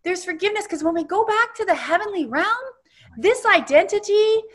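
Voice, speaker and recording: A woman reverend, a guest on an interview show, telling a spiritual guided exercise with emphatic, animated storytelling. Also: extremely high pitch, moderate pace.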